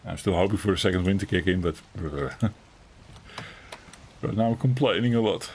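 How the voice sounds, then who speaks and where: A man's voice: low-pitched, moderate pace, a little mellow, slight background noise. A tired, yawning man giving casual commentary while streaming a game from home, rambling and laughing often. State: sleepy, yawning.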